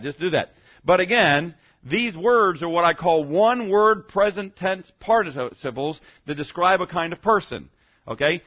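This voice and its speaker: Male pastor, slightly high voice, conversational teaching sermon with emphatic punches on key words; dull lo-fi recording. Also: slightly rough. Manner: conversational teaching, frequent "okay?" checks with the congregation.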